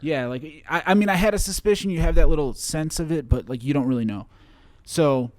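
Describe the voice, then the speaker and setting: A young man from Chicago, a guest on an interview show, recounting a personal story in a halting way with many fillers and restarts. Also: a little high, no echo, clean studio sound.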